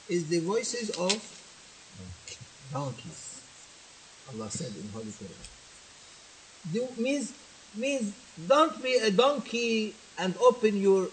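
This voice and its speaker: A man's voice: sits high, a little hiss or hum, poor audio. A man teaching a sermon, moving between languages and asking his listeners questions. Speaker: religious teacher. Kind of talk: sermon with translation.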